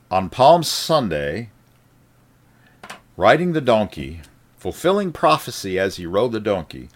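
A man preaching a sermon, reading scripture and explaining it with emphatic rises and quiet drops. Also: on the low side. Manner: animated, rising emphatic then dropping quiet.

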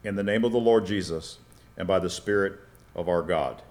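Lower-voiced man preaching a teaching sermon. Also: moderate pace, a little mellow. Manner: teaching, asks the congregation questions and checks with "all right?". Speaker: pastor.

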